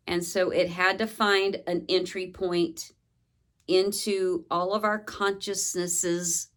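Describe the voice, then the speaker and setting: Earnest woman recounting slowly, lowish voice. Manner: earnest, slow and searching, with many pauses. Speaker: vlogger. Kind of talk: personal spoken recounting.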